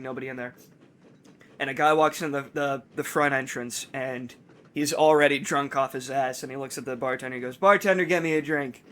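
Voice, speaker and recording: A man co-hosting a game stream, telling jokes in a halting, rambling way with lots of restarts. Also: medium pitch, a bit bright, slight background noise. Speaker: let's play co-host. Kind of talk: casual joke-telling while gaming.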